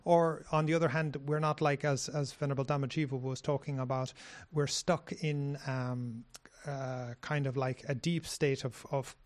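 A man speaking as a meditation teacher in a dharma discussion, reflective and hesitant, with frequent pauses and restarts. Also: medium pitch, fairly even intonation.

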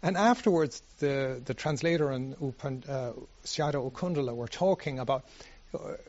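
A man giving a meditation teacher's dharma talk, halting often with restarts and "you know". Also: mid-range voice, darkish tone, muffled recording.

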